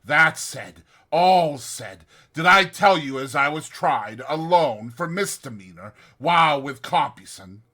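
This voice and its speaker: A man voicing a rough old male convict who tells his past in rough, ungrammatical old-fashioned speech, read as an audiobook. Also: fairly high pitch, lively intonation, takes it slowly, few pauses, pushed and bright, full character voice. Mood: grim. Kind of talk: audiobook reading.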